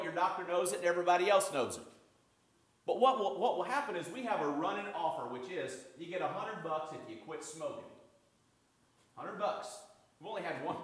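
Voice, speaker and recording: A man's voice: sits high, a bit bright. A man preaching a sermon as pastor, folksy and conversational with touches of humor.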